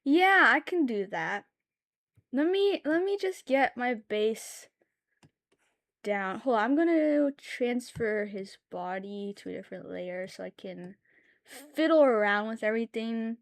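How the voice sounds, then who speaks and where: A young woman streaming while she draws, rambling and thinking aloud, with sudden loud, excited bursts. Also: fairly high pitch, unhurried. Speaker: art streamer. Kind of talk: casual live-stream chat while drawing.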